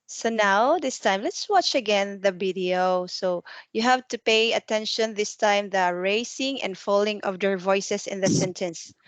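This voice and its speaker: Slow, patient woman tutoring English. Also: mid-range voice, no room sound. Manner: patient, slow questioning with non-native grammar. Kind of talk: one-to-one online English lesson.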